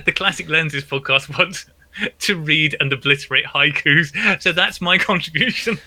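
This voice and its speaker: A man's voice: fairly high pitch, normal speed, bright, forceful tone. A British man, a middle-aged podcast guest, chatting casually, self-deprecating and laughing often. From Britain. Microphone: home podcast mic, no video.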